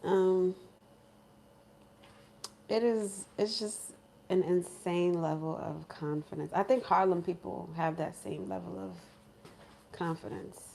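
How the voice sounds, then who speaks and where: New lady chatting with her live chat, slow and easy, slangy, faint hum behind her. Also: fairly low pitch, expressive, gravelly, darkish tone. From Brooklyn, New York. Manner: chatty, answers viewers directly, slangy. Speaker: vlogger reading live chat. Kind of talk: casual livestream chat.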